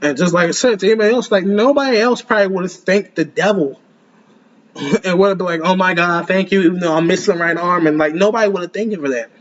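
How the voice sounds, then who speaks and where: A young man giving casual, excitable commentary as an anime reaction host, rambling and laughing often. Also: sits high, fast talker, dull audio.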